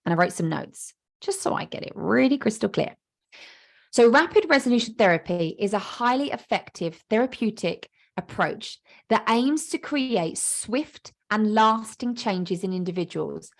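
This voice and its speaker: This is an animated woman, talking straight to her podcast listeners as a coach. She repeats herself for emphasis and slips into quick little voices for the thoughts in people's heads. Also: mid-range voice. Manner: animated, acts out inner voices, emphatic repetition. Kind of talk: podcast monologue.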